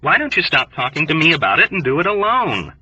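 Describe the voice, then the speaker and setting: A man voicing a wary, sardonic young airman who speaks in an urgent, hushed way. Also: a little high, sing-song, fast talker, breathy edge, no room sound, far from the mic, highs cut off, pitched above the performer's own voice, full character voice. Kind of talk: audiobook character voice.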